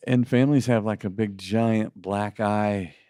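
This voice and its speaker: A man's voice: fairly low pitch, fairly even intonation, measured pace, dark tone, dry recording. A middle-aged man co-hosting a faith podcast, talking casually and putting on mocking voices when he quotes people. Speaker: podcast co-host.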